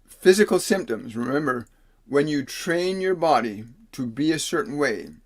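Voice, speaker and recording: A man, a spiritual teacher on a livestream, reads out viewer questions and answers with slow, soothing instructions, sometimes slowing into solemn pronouncements. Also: fairly high pitch, expressive. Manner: slows into solemn, preacher-like pronouncements. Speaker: spiritual teacher giving readings.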